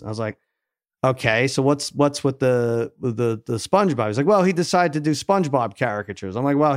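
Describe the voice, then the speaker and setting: A man co-hosting a podcast, telling a story in an animated, exasperated way. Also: mid-range voice, no echo, studio quality. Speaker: podcast co-host. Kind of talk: casual storytelling chat.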